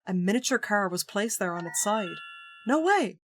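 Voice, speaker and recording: A woman's voice: medium pitch, normal speed, slight background noise, natural voice. Woman reading an earnest young man narrating. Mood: uneasy. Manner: steady, earnest first-person narration. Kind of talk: reading a visual novel aloud.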